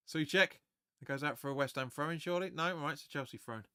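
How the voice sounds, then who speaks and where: Male fan host, bright raised voice, dry close mic, excitable live match chatter. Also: a little high, a little fast, clean tone, no room sound. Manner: excitable, chatty, swears, reads viewer comments aloud. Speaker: fan watch-along host. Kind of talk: live match watch-along commentary.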